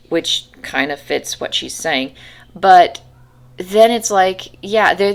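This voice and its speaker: A woman with a fairly low-pitched, fairly bright voice vlogs casually to camera, rambling with lots of restarts as she acts out her own frustrations.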